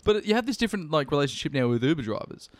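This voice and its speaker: A young Australian man chats at a quick clip, with a pitch that swings up and down. He rambles, restarts and laughs often. The sound is close and dry. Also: very animated, dry recording. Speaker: podcast co-host. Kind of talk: casual comedic chat.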